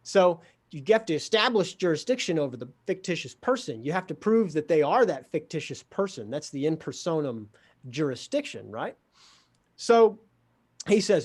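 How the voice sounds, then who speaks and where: A man telling a story in a wry, animated way, acting out the dialogue. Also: high-pitched, moderate pace. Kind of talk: storytelling in a conversation.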